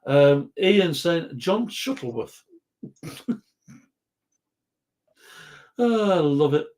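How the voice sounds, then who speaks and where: A man's voice: a little high, animated, drawn-out words, a little mellow. A man hosting a live quiz chat, reading out viewers' answers in a rambling, jokey way and stumbling over words.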